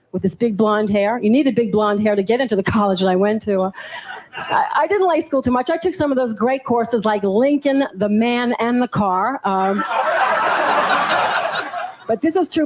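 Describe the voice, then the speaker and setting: A woman's voice: high voice, a little mellow, poor audio. A woman from New Orleans with a Southern accent, performing a stand-up comedy set on a club stage with a handheld mic, punchy and laughing at her own lines. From New Orleans, USA.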